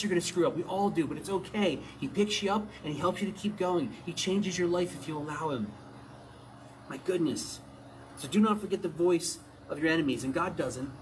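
A man preaching a sermon in an animated way, often asking his listeners questions. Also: fairly high pitch, slight background noise. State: out of breath.

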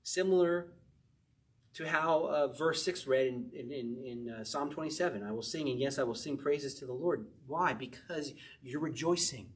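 A man's voice: mid-range voice, moderate pace. A man preaching a verse-by-verse sermon in a conversational way, often acting out quotes in short little voices. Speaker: pastor.

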